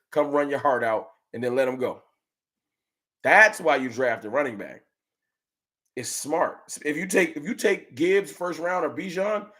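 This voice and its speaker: A man hosting a fan livestream, chatting with viewers and ranting with slangy, animated trash talk. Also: medium pitch. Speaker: sports fan livestream host. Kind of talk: casual livestream chat reading super chats.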